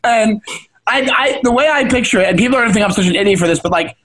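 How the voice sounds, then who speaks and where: Young new guy with a high voice, rambling podcast chat, laughs a lot. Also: animated, fast talker, a bit bright. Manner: rambling, self-interrupting, laughs often. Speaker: podcast co-host. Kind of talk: casual chat.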